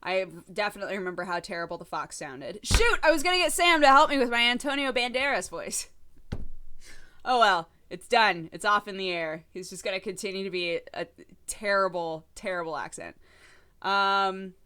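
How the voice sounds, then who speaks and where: Woman, game streamer, casual chat, self-deprecating, bright voice. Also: medium pitch, lively intonation, moderate pace, clean tone. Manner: chatty, self-deprecating, laughing often. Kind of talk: casual live-stream chat while playing.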